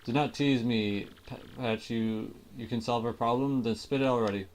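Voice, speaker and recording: A man's voice: mid-range voice, steady tone, normal speed, lightly acted. A man voicing a pompous, vain male ship-owner in a video game, declaiming grandly and theatrically. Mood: commanding.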